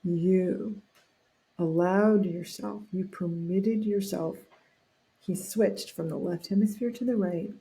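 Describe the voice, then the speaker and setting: A woman guest on a podcast, telling an anecdote in an animated way, acting out what people said and often restarting her sentences. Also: lowish voice, slow pace. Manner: animated storyteller acting out quotes, frequent restarts. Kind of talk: storytelling in a podcast interview.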